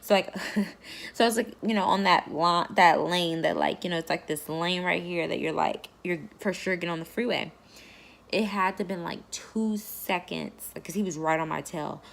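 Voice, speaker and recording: A woman vlogging casually to camera, her low voice carrying a gravelly, creaky edge. She rambles through her story, leaning on fillers and "like" as she goes. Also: normal speed.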